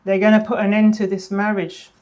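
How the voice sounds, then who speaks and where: A woman giving a casual tarot reading, chatty, often repeating phrases and dropping into a soft murmur. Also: medium pitch, flat delivery, fairly quick. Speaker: tarot reader.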